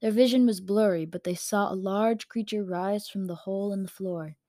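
A woman reads a story aloud at an even middle pitch, casual and now and then stumbling on a word. The home microphone gives a close, dry sound with no room echo. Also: normal speed. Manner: casual, with slips and corrections. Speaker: story reader. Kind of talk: reading her own story aloud.

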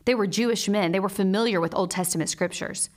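Speaking at a normal middle pitch, a Bible-teaching mother works through a scripted devotional with earnest, measured steadiness. Personal anecdotes are woven throughout alongside passages of scripture.

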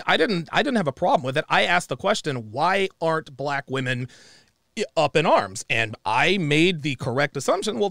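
A man hosting a call-in show, talking bluntly and interrupting callers over and over. His pitch rises and falls a lot, with a gravelly edge. The studio mic is close and dry. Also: fairly bright tone, no room sound. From United States. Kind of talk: opinionated call-in talk.

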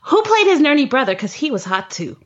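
A woman's voice: sits high, very animated, fairly quick, lo-fi sound. A woman co-hosting a podcast in casual chat, playful and joking with an exaggerated delivery. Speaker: podcast co-host.

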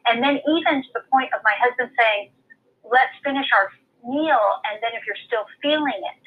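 A woman earnestly telling a personal faith story in a lively, heartfelt way. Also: a little high, normal speed, narrow, tinny audio. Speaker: guest storyteller. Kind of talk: faith testimony.

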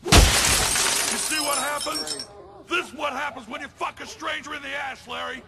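A man's voice: extremely high pitch, steady tone, unhurried, creaky, exaggerated voice. An actor playing an enraged man who rants over and over while smashing a car, heard in a film clip. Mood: furious. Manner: repeating himself in a furious rant. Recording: film clip under loud crashing noise.

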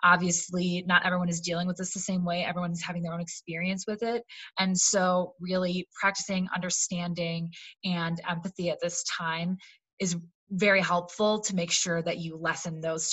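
Bright-toned, low-pitched woman. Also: little pitch movement, normal speed. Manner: earnest, with frequent "like" and "um". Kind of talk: casual conversational advice.

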